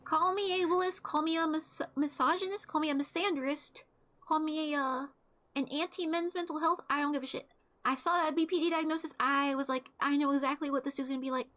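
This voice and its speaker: A woman's voice: high-pitched, fairly even intonation, fairly quick, a bit bright. A young woman streaming a game while telling stories in a blunt, profane, casual way.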